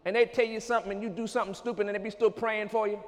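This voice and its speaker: A pastor preaching with a high, ringing voice. He talks to the congregation with call-and-response and builds to shouts. The sound carries a long reverb from a church hall. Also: steady tone, rapid-fire. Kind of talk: sermon.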